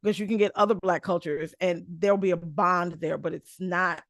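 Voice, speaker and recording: A woman's voice: lowish voice, steady tone, a little fast, dry recording. A woman in a casual group conversation, blunt, opinionated and freely profane.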